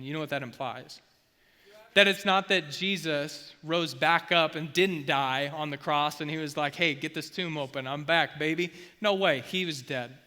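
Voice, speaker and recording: A man's voice: a little high, pushed and bright, big-room sound. A man preaching a casual, slangy sermon, reading scripture aloud and talking it through. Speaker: youth pastor.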